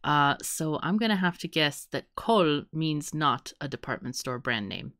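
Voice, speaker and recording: A woman's voice: sits low, expressive, measured pace, a bit bright, dry recording, clean studio sound. A woman hosting a casual podcast chat, playful and laughing often. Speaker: podcast host.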